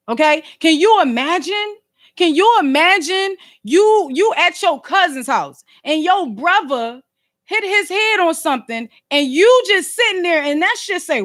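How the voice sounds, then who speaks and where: A loud woman with a high voice streams from her phone, a Philadelphia podcast host and livestreamer chatting casually. She's animated and slangy, loves rhetorical asides, and gets emphatic, sometimes snapping.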